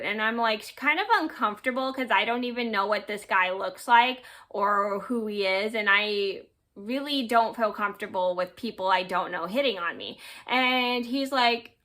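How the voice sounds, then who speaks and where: A woman in her twenties tells a personal story straight to camera in a bright, fairly high voice. She rambles and acts out what others said, trailing off with filler phrases. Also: unhurried. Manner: rambling retelling with quoted dialogue and yada yada. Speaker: vlogger.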